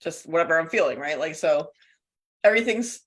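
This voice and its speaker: A woman's voice: low-pitched, expressive, a little fast, a bit bright, husky. A woman co-hosting a casual podcast, chatty and laughing often between thoughts. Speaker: co-host.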